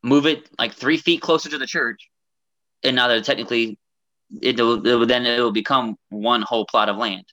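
A man's voice: mid-range voice, fairly even intonation, normal speed, pushed and bright, dry recording. A man from Ohio co-hosting a podcast, explaining a local story at length and repeating himself. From Ohio, United States. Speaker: podcast co-host. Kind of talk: casual podcast discussion.

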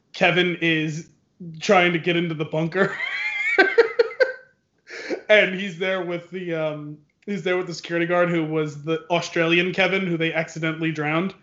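Guy hosting a podcast, kinda high voice, laughs a lot, echoey muffled room. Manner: animated, laughs often, retells scenes. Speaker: podcast host. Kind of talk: casual chat.

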